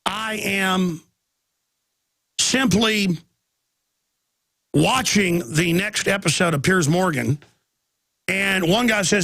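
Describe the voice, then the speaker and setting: A radio host in his thirties with a Texan accent rambles through a long story, piling up restarts and acting out other people's lines. His voice sits high for a man and is gravelly. The sound is dry and close. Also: lively intonation, a little slow, pauses often, pushed and bright, no echo. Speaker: radio talk show host. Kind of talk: live talk radio monologue.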